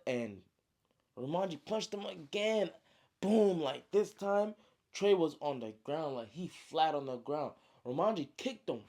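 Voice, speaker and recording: A man's voice: fairly high pitch, expressive, normal speed, a little mellow. A man casually retelling his own story like a friend, slangy and full of spoken sound effects. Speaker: storyteller, author.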